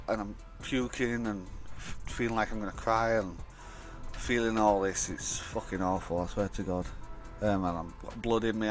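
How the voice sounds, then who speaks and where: In a casual storytime vlog, a young man speaking in a fairly low voice rambles through a lengthy personal tale, cursing freely and performing the quoted dialogue in other people's voices. Soft, faint music runs in the background.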